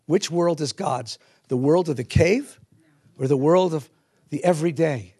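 A man teaching a Jewish text class to a live audience, animated, asking the room questions and mixing in Hebrew and Yiddish words. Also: a little high, a little slow, slightly rough.

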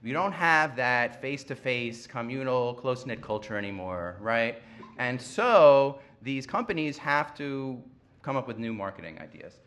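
A man's voice: medium pitch, expressive, measured pace, a bit bright. A man giving a public lecture in a wry, conversational manner, often checking in with "right?".

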